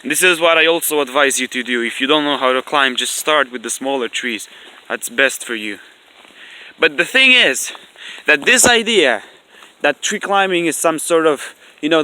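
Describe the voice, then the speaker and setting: A man's voice: fairly high pitch, lively intonation, normal speed, sharp tone. A man vlogging outdoors into his camera in a rambling, argumentative way, repeating himself and swearing when annoyed. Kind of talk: rambling outdoor vlog rant. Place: outdoors, in the rain. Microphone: camera mic.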